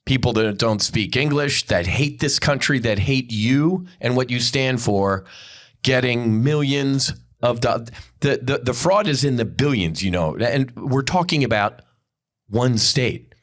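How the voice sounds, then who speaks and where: A man's voice: mid-range voice, lively intonation, unhurried. A man hosting a podcast, delivering an angry, profane and blunt unscripted monologue. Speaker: podcast host.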